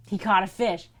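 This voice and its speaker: A woman streams live and chats casually with her audience. She tells her story with animation and keeps addressing the viewers directly, at an ordinary middle pitch. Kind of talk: casual chat.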